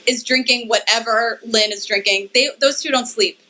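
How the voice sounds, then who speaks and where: Bright, higher-voiced woman co-host. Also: normal speed, poor audio. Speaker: podcast co-host. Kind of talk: casual chat.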